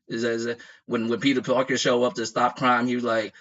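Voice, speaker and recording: A man who grew up in the United States, talking casually as a streamer in a profane, animated rant full of laughs. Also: medium pitch, a little fast, few pauses. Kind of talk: casual chat. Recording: dull lo-fi audio.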